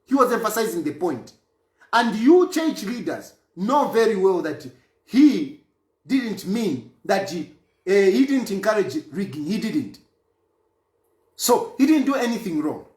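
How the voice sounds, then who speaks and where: Emphatic man with lively pitch. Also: a little slow, reverberant. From Zambia. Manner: emphatic, repeats phrases for force. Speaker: politician. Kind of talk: political statement.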